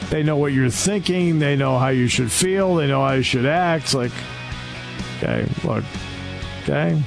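A man's voice: fairly high pitch, normal speed, creaky, over music. A man hosting a talk radio show in a studio, delivering an opinionated, sarcastic and scolding monologue.

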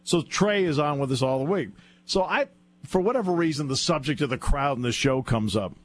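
A man's voice: on the high side, lively intonation, fairly quick. A man telling a funny anecdote as a guest on a sports radio show, laughing often as he goes. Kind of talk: casual radio chat, storytelling.

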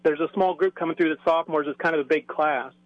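A man hosts a casual sports radio chat and teases his guests in an easy way. His voice sits high, and it comes through a muffled, lo-fi line. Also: steady tone, fast, no echo. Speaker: radio host.

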